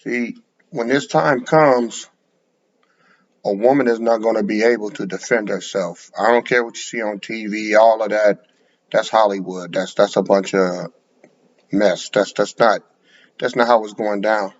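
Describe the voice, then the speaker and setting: A man's voice: on the low side, fairly even intonation, a little slow. A man preaching bluntly, lecturing and repeating words as he speaks, in a dull lo-fi recording. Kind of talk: sermon to camera.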